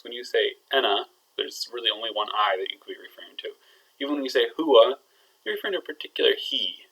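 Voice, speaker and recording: A man's voice: mid-range voice, a bit bright, low-quality recording. A man teaching a recorded language lesson, playful and building suspense as he explains grammar. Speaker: Arabic teacher.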